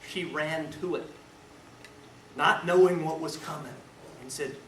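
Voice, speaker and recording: Lawyer-teacher, lively and theatrical, slightly high voice, recorded far off with loud room noise. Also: male voice, unhurried. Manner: animated, acts out scenes, shifts between loud and hushed. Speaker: defense lawyer teaching a seminar. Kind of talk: lecture with storytelling. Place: lecture room. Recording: echoey room, far mic, noisy.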